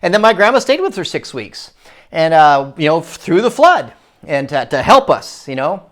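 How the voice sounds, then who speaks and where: A man's voice: fairly high pitch, normal speed. Man telling a rambling story. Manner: rambling, self-interrupting, animated when excited. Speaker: video creator telling a personal story. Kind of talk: casual storytelling monologue.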